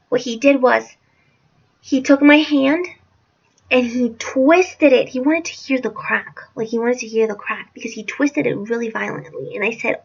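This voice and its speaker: A young woman rambles through a personal storytime vlog, correcting herself as she goes. Her voice sits high with a gravelly fry, and the recording is dull and lo-fi. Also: steady tone, moderate pace. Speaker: vlogger. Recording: dull lo-fi sound.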